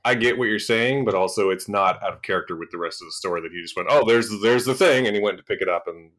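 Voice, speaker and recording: Low-voiced man in measured review chat. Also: fairly even intonation, sharp tone. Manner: measured, hesitant with fillers, explaining. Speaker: podcast co-host.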